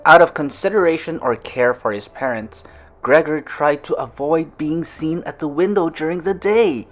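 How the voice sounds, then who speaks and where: In this read-aloud of a classic story, the narrator keeps stopping to explain difficult words in plainer English and performs the dialogue with playful flair. The medium-pitched voice moves at a moderate pace over soft background music.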